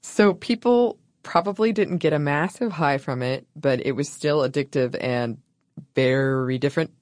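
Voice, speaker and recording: A woman co-hosting a casual history podcast, deadpan and jokey as she reads her part. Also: sits low, moderate pace, dry recording, clean studio sound. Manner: deadpan, jokey, laughs at own lines. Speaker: podcast co-host.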